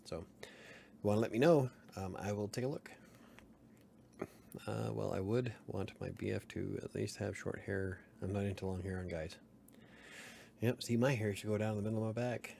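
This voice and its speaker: A man's voice: fairly low pitch, steady tone, normal speed, gravelly, long pauses, dark tone, slight background noise. A man hosting a casual late-night livestream, rambling, chuckling and answering chat comments. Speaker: livestream host.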